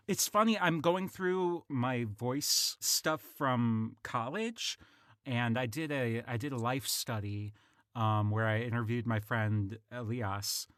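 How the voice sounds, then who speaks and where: A man's voice: medium pitch, fairly bright tone, no echo, clean studio sound. A man hosting a casual podcast chat, talking in a hesitant way with many ums and uhs. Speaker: podcast host.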